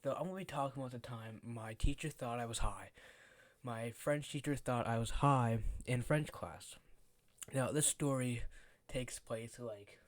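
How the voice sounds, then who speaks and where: A teenage guy chatting through a casual storytime vlog. He rambles, drops plenty of fillers and swears freely, and his voice sits at an ordinary male pitch. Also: a little slow. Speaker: vlogger.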